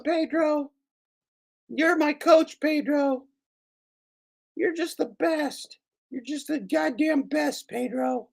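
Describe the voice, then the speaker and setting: A man voicing a shrill, fawning male superfan who squeals over-the-top praise. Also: vocal fry, exaggerated voice.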